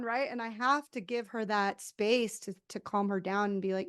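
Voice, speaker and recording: A woman's voice: mid-range voice, fairly even intonation, brisk, few pauses, clear, resonant tone. A woman hosting an interview podcast who tells a candid personal story in casual conversation. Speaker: podcast host.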